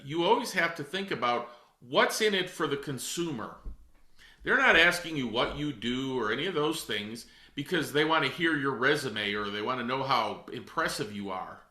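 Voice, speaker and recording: A man's voice: a little high, sharp tone, reverberant. A middle-aged man giving a direct, emphatic coaching talk to real estate agents. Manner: emphatic, direct, addresses folks. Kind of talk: weekly coaching session.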